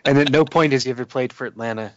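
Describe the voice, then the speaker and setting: A man's voice: medium pitch, rapid-fire, dry recording. Man, podcast co-host, dry close sound, dull lo-fi, matter-of-fact. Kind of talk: casual chat.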